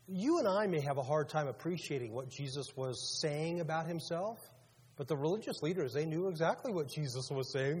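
A man's voice: fairly high pitch, a little mellow, slightly rough. A male pastor preaching a sermon in a conversational way, asking his congregation questions as he goes. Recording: long reverb of a large hall.

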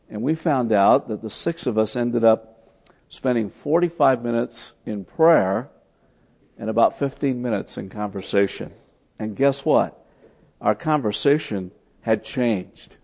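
A man preaching a sermon, telling stories as he teaches, swinging from loud emphatic lines to soft, hushed ones. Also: mid-range voice, gravelly, breathy edge. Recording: long hall reverb.

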